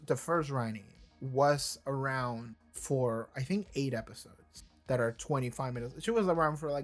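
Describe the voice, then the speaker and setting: A man hosting a reaction video, rambling through casual commentary with lots of fillers, restarts and casual swearing. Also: on the high side.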